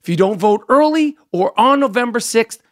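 A man's voice: very high voice, lively intonation, normal speed, a bit bright. A man hosting a podcast and ranting emphatically in a monologue, full of swearing and repeated phrases for emphasis. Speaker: podcast host.

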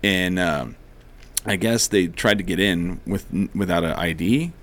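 A man with a low, slightly bright voice tells a rowdy story at a measured pace in casual chat. He swears freely, laughs often, and acts out what people said.

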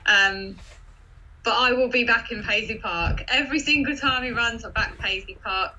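Bright, gushing woman panelist. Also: mid-range voice, moderate pace, rough recording. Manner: gushing, emotional. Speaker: podcast panelist. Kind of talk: casual chat.

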